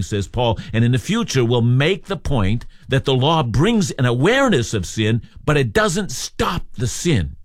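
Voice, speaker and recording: A man teaching through a Bible passage in a measured, emphatic expository style, as on a radio Bible program. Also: on the high side, no room sound, studio quality. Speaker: preacher.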